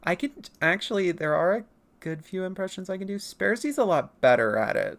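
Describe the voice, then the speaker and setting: A chatty art streamer talking to chat deep into the night, voice held a little higher than it naturally sits. The pitch swings widely as they ramble from answer to answer, with a gravelly fry at the low ends. Laughter keeps breaking in. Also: big pitch swings, normal speed. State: up late, nearly four in the morning. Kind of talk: casual livestream chat while drawing.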